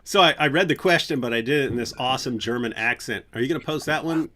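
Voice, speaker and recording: A man's voice: medium pitch, quick pace, crowd noise. A man hosting a casual livestream, talking in a loose, rambling way full of fillers and restarts. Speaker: livestream host.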